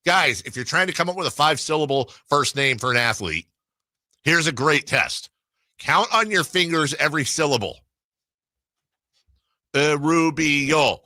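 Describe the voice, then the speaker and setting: Brief: male sports radio host, animated and riffing, crisp bright tone. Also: a little high, a little fast, no room sound, clean studio sound. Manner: animated, riffing, laughs often. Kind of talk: casual sports talk radio.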